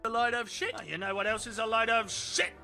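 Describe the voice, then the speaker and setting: A man voicing a brash, foul-mouthed Australian man who bickers in a comedy sketch, shouting and swearing constantly. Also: very high-pitched, steady tone, quick pace, vocal fry, faint music behind, exaggerated voice. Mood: bickering.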